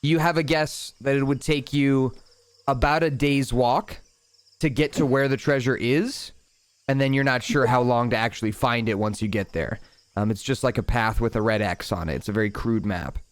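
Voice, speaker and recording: Man, dungeon master, calm scene narration, casual asides, smooth clear voice. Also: medium pitch, moderate pace, dry recording. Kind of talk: narrating a tabletop game.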